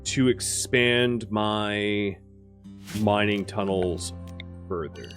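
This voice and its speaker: Lower-voiced man commentating his game. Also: very slow, fairly bright tone, faint music behind. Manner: thinking aloud, explanatory, with frequent fillers. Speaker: gaming video host.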